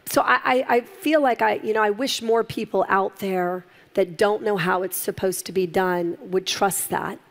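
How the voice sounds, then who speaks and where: A middle-aged woman, a guest in an interview, telling her story in a lively way and acting out the people she quotes, laughing often. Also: medium pitch, normal speed, hardly any pauses. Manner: animated, acts out quoted voices, laughs often. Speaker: guest, entrepreneur.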